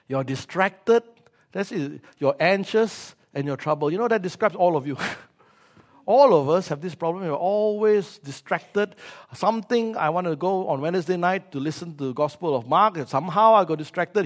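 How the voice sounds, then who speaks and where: A man preaching a sermon, joking with the congregation and acting out scenes with sound effects. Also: high-pitched.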